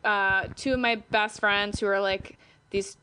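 A woman's voice: mid-range voice, steady tone, a little slow, pushed and bright, a little hiss or hum. A young woman guest in a casual chat, chatty and hesitant with frequent fillers.

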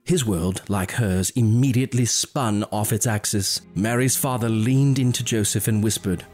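Male storyteller, mid-pitched, measured and dramatic, soft music behind. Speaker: narrator. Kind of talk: scripted story narration.

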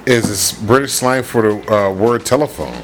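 A man's voice: fairly low pitch, normal speed, slight background noise. A man co-hosting a podcast, reading out slang definitions in casual banter. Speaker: podcast co-host.

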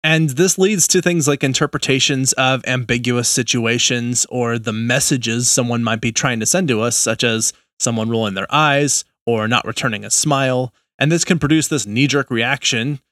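A man in a casual podcast conversation, walking through examples in a measured, explanatory way. His voice sits in an ordinary middle register, recorded close and dry with no room sound. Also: mid-range voice, fairly bright tone, dry recording. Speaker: podcast co-host.

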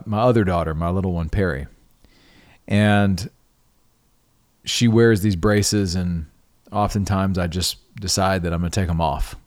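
A middle-aged man hosting a podcast, telling a personal story in a conversational way, often restarting and repeating words. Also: deep voice. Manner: conversational, restarts and repeats words, animated when quoting himself. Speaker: podcast host.

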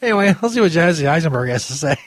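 A man's voice: fairly high pitch, animated, fast talker, noisy background. A man hosting a podcast in a casual, rambling, crude style, often laughing at his own jokes. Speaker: podcast host. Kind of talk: casual commentary chat.

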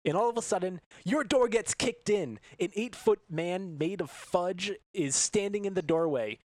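A man with a fairly high voice leads a tabletop game for his podcast co-hosts, laying out rules and rooms in an upbeat, chuckling way. His voice is dry and close, with no room echo. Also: moderate pace. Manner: upbeat, laughs between descriptions. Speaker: game master.

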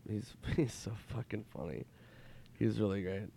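A comedian guest telling stories in casual chat, acting out other people's lines in raised voices and swearing freely. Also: male voice, on the low side, normal speed, vocal fry, a little hiss or hum. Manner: animated, acts out quotes in raised voices. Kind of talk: casual storytelling.

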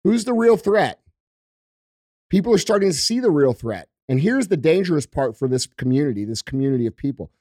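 A man's voice: a little high, big pitch swings, a little fast, dark tone, dry recording, studio quality. A man co-hosting a podcast, ranting in heated casual talk and swearing often. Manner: profane, emphatic ranting. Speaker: podcast co-host.

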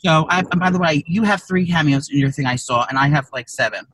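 Fast-talking man telling a profane story. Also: on the high side, fairly bright tone, no echo, poor audio. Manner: profane storytelling, rambling with restarts. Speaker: podcast co-host. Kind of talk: casual chat. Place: car.

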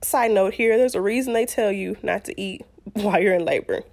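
A young woman, telling a personal story in a chatty, animated way with laughing asides. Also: mid-range voice, brisk, vocal fry. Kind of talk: casual storytelling.

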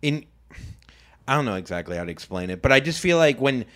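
Hesitant man podcast host, swooping pitch. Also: sing-song, fast, fairly bright tone. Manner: hesitant, fumbling for words. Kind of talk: casual chat.

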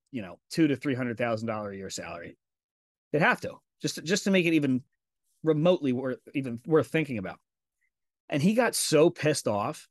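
A man's voice: mid-range voice, no echo, clean studio sound. A man hosting a podcast in casual conversation, telling stories candidly with frequent swearing and acted-out quotes. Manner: candid and profane, acts out quoted dialogue in storytelling. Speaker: podcast host.

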